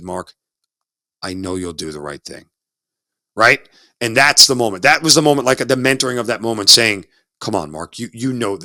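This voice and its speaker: A man's voice: on the low side, sharp tone, no room sound. A man in his forties, a guest telling his story in an interview, reflective and given to repeating words as he restarts. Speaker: interview guest, former Army officer. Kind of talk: conversational storytelling.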